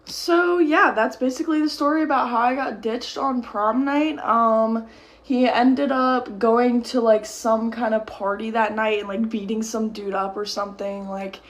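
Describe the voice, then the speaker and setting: Young woman, casual storytime vlogger, slightly high voice, rambling and worked up. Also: fairly even intonation, measured pace. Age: young adult. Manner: rambling, heated, swears, many "like" fillers. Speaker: storytime creator. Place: at home at a mirror.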